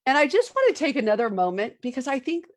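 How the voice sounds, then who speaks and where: A woman's voice: sits high, very animated, fast talker. Enthusiastic woman hosting a podcast. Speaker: podcast host. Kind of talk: interview conversation.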